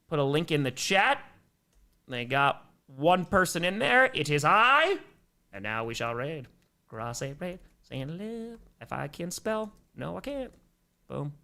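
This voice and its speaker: A man with a gravelly edge to his voice hosts a casual live stream. He talks loosely and reads viewer comments aloud, and now and then he breaks into loud, animated bursts. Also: fairly high pitch. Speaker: livestream host.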